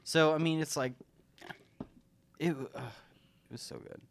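A man's voice: a little high, normal speed, gravelly. A man in casual conversation as a podcast co-host, enthusiastic and sweary, often restarting his sentences. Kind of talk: casual chat.

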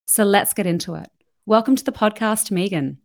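A woman's voice: mid-range voice, normal speed, creaky, darkish tone. An Australian woman co-hosting a podcast, reading an upbeat scripted intro and welcoming a guest. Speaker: podcast co-host.

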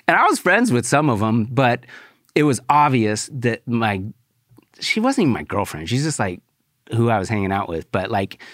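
A young man telling a personal story in a casual, profane way, with fillers and sudden excited outbursts. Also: dry recording, studio quality. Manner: profane, animated, rising to high-pitched outbursts.

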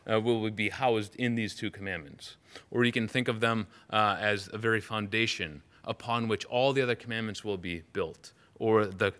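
A pastor gives a relaxed, conversational sermon, reading scripture and then unpacking it. His voice is bright and forward, and he often restarts his sentences as he thinks aloud. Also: medium pitch.

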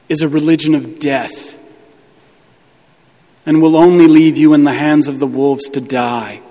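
A man's voice: a little high, fairly even intonation, unhurried, pauses often, dark tone, in a large hall. A male pastor preaching a sermon with emphatic, hammering repetition.

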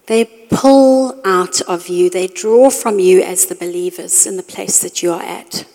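A middle-aged woman giving a storytelling sermon to a women's group, animated when acting out her own reactions. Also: on the low side, unhurried. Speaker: women's ministry speaker. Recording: long reverb of a hall.

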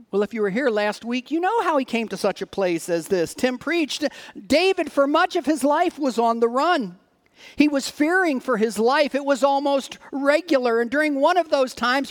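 A pastor preaching to his congregation in a strikingly high voice. He reads scripture with earnest, dramatic pauses and draws listeners in with direct rhetorical questions. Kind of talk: sermon.

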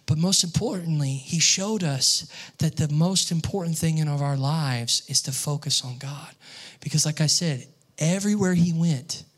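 Young guy preaching, kinda high voice, tells stories and gets worked up. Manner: storytelling, grows excited and loud when acting out scenes. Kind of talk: sermon.

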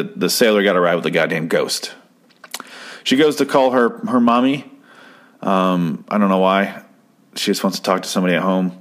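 Rambling, profane man with a lowish voice. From Arizona, US. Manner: rambling, profane, deadpan joking. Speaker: podcast host reviewing an episode. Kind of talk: casual chat.

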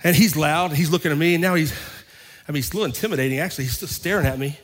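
A man's voice: on the high side, rapid-fire. A man preaching a sermon as pastor, telling a personal story and acting out both sides of an argument. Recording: long reverb of a large hall.

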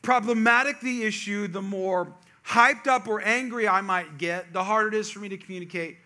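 A man telling a humorous family story to a live audience, with chatty asides to the crowd. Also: sits high. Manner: animated, jokey asides to the audience; quick, chatty, self-interrupting. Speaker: speaker addressing a live audience.

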